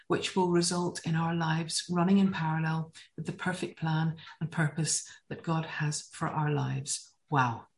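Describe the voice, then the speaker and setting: A woman giving a teaching talk on Hebrew words, enthusiastic and telling stories in a lively way. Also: on the low side, rough recording. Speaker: Bible teacher.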